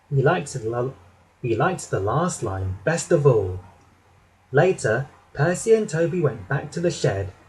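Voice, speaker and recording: A man narrating a children's storybook in an expressive, unhurried way. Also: on the high side, poor audio.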